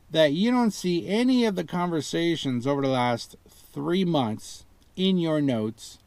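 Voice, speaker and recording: Man, casual complaint vlog, indignant, mimics the people he quotes; higher-pitched voice, dry close sound. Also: darkish tone, no room sound. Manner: exasperated, retelling a phone ordeal with rising indignation. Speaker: customer reviewing a car purchase.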